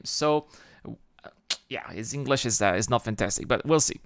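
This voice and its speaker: A man hosting a livestream, chatting casually with viewers and reading out their comments in an excitable way, often restarting his sentences. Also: mid-range voice, normal speed, pauses often, dry recording, clean studio sound. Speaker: livestream host.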